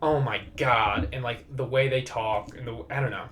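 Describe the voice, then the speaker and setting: A man's voice: mid-range voice, steady tone, normal speed, fairly bright tone, slight background noise. A young man hosting his own podcast, talking casually and rambling with lots of swearing and laughter. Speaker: podcast host. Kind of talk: casual solo podcast chat.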